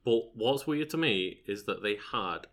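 Bright, relaxed male podcast co-host. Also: lowish voice, a little slow. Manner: relaxed, loose, hesitant, swears freely. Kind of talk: casual chat.

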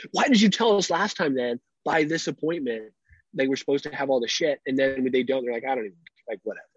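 A man co-hosting a podcast, telling animated stories about his toddler, swearing freely and laughing often. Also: mid-range voice, a little fast, husky, dry recording, dull audio. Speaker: podcast co-host, father. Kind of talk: casual chat.

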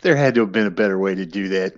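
A man's voice: low-pitched, rapid-fire. Dry-witted man on a dull mic. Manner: dry, short interjections. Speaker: podcast co-host. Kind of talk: comedic movie recap chat.

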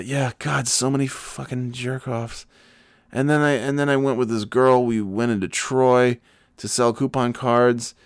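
A man's voice: deep voice, clear, resonant tone, no room sound, clean studio sound. A man telling rambling, sardonic, profane stories in a casual monologue.

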